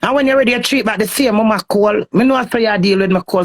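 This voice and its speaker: A woman's voice: medium pitch, quick pace. A Jamaican woman in a heated, cursing, confrontational rant on a phone live stream.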